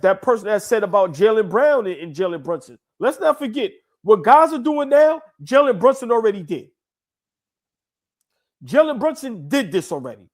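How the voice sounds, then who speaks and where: A man co-hosting a casual basketball talk show, emphatic and repetitive, his voice stuffy from congested sinuses. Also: sits high. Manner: emphatic, repeats himself, calls sinuses bad. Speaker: co-host.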